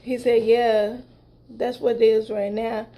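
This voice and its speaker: Slow, mellow-voiced woman vlogger. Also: a little high, little pitch movement. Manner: chatty, retelling conversations with many asides. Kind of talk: casual storytelling to viewers.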